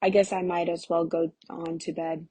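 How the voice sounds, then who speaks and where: A woman's voice: fairly low pitch, level tone, moderate pace, warm tone, slightly rough. A woman reading the part of a tired young wife, pleading and resigned. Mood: weary.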